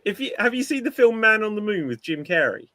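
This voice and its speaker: A man's voice: high voice, big pitch swings, brisk, pushed and bright, no room sound. A man hosting a casual podcast chat, telling things in an emphatic, storytelling way. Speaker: podcast host.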